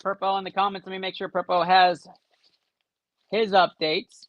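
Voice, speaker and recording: A man hosting a livestream, giving fast live commentary while opening card packs and adding up the points out loud. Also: high voice, flat delivery, no echo, highs cut off. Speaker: livestream host.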